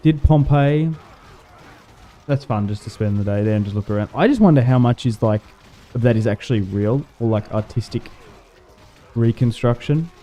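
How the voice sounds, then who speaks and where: A man livestreams a strategy game, his warm, medium-pitched voice moving at a moderate pace. He chats casually in a rambling way and laughs often.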